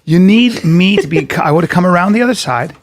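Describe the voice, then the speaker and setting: A man's voice: sits high, expressive, a little fast, creaky, dry recording. A man co-hosting a podcast, reacting briefly and cutting in with crude jokes. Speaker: podcast co-host. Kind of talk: casual chat.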